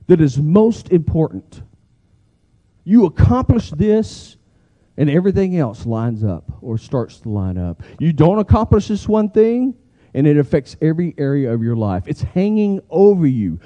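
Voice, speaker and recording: Male pastor, emphatic sermon, somewhat high voice, muffled recording. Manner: animated, emphatic, leads the crowd in repeating phrases.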